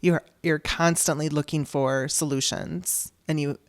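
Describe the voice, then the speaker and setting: A woman's voice: low voice, fairly even intonation, unhurried, dry recording. A woman hosting her own podcast, telling a personal story in a candid, conversational way and acting out the dialogue she quotes. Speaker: podcast host.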